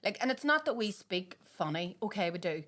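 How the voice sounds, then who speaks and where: Animated Northern Irish woman host. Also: mid-range voice, brisk. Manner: animated, swearing, storytelling. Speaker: podcast host. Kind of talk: casual chat.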